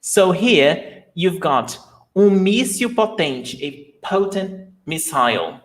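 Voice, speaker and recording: A man whose first language is Portuguese, teaching a live online lesson and patiently repeating words slowly for his learners. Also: sits high, sing-song.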